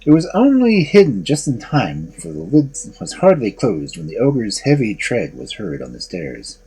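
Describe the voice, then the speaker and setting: A male storyteller reads a fairy tale aloud at an unhurried pace. His voice is dark and husky, and his pitch rises and falls a great deal. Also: huge pitch swings, poor audio.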